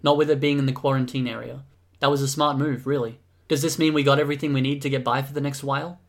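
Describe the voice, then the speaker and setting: A man reading aloud and voicing a stubborn, calculating young man who speaks with quiet menace in a storybook reading. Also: medium pitch, little pitch movement, fast talker, close to an everyday voice. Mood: calm. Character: stubborn, cold, calculating young male leader.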